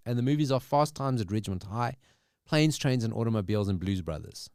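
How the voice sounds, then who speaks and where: Low-voiced man co-hosting a podcast. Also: a little fast, no room sound, clean studio sound. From South Africa. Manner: animated, reads movie quotes aloud. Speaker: podcast co-host. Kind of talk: casual chat.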